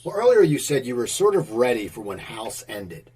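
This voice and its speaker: Lively, husky-voiced male interviewer. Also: medium pitch, moderate pace, recorded from a distance. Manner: animated, conversational questioning. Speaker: podcast host, interviewer. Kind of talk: casual interview questions.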